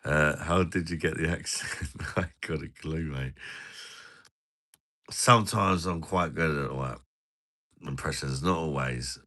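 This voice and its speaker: A man's voice: rumbling low, a little slow, pauses often, pushed and bright. A man hosting a casual beer-review live stream, bantering and swearing with viewers.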